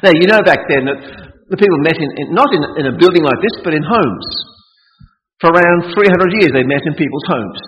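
Animated preacher in a reverberant hall. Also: male voice, on the high side, a little fast, a little hiss or hum. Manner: animated, joking, rhetorical questions. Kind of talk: sermon. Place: church hall. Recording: dull lo-fi audio with long hall reverb.

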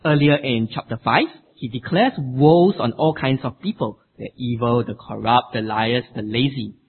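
A man preaching a sermon with an emphatic, expressive delivery. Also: mid-range voice, moderate pace, breathy edge. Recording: tinny phone-like sound.

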